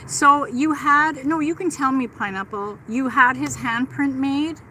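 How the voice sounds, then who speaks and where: Middle-aged woman hosting a livestream, chatty and gushing; keen, bright, slightly high voice; outdoors on a handheld phone, faint noise behind. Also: unhurried, low-quality recording. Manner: chatty and gushing, reads out and answers chat. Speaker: livestream host. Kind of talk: casual live chat with viewers. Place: outdoors in a park.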